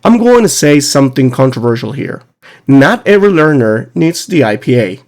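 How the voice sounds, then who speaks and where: A man's voice: mid-range voice, sing-song, moderate pace, darkish tone. A man hosting an educational podcast, talking on his own with an emphatic, teacherly delivery full of rhetorical questions. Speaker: podcast host. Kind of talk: solo educational podcast monologue.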